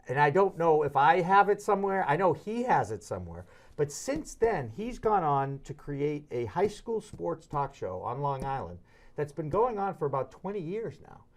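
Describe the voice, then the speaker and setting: Animated middle-aged male sports talk host. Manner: animated, jumps into high-pitched voices when quoting others. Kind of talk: casual sports talk storytelling.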